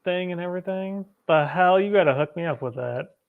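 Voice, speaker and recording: Joking, relaxed stream co-host. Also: mid-range voice, brisk, phone-quality sound. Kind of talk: casual chat on a livestream.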